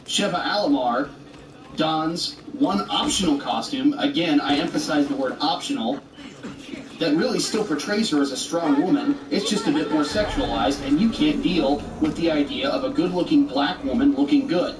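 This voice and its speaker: A man rants back at a video in a sarcastic, exasperated tone, his voice sitting a little high for a man. He sounds set back from the mic in a roomy space, with a faint hiss of noise underneath. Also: moderate pace, far from the mic. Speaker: commentator rebutting a video. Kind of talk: argumentative commentary.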